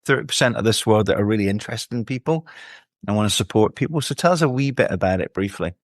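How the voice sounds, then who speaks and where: A man's voice: on the low side, lively intonation, fast talker, dry recording, studio quality. A man hosting a casual interview, reassuring and encouraging his guest. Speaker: podcast host.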